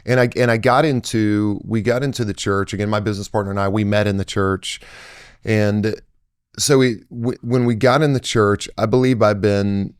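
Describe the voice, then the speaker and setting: Podcast guest, man, lowish voice, dry close sound, earnest and emphatic storyteller. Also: steady tone, moderate pace, smooth, no room sound. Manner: earnest, emphatic, with many restarts. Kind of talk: conversational storytelling.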